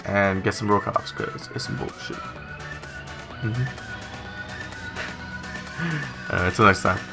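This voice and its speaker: A man's voice: on the low side, fairly even intonation, slow pace, gravelly, over loud music. A man casually commenting on a video game, reading its text aloud and adding profane, sarcastic remarks. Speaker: gaming YouTuber.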